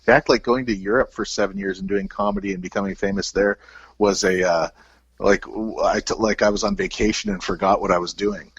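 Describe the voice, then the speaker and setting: A man's voice: on the low side, fairly even intonation, fairly quick, husky, no echo, dull audio. A man from Canada, a comedian guesting on a podcast, chatting casually with rambling, self-mocking humor over a remote call. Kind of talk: casual joking chat.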